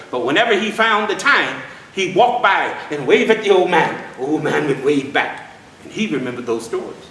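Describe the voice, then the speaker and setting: A man with a fairly high, somewhat bright voice recounts history and a folk tale to a live crowd at a historic site, folksy and saying y'all. The recording has a little hiss or hum, and he sounds distant in an echoey space.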